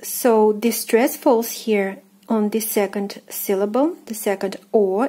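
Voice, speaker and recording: Russian woman language teacher, Russian accent, unhurried, mellow tone, patient drilling. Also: medium pitch, steady tone. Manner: patient, repeats words slowly, hesitant fillers. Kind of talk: pronunciation lesson.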